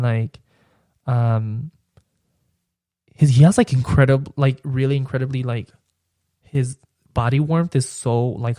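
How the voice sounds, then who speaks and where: Chatty young man, mellow voice. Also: mid-range voice, no room sound, studio quality. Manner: chatty, constant "like" fillers. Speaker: podcast host. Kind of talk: casual personal storytelling.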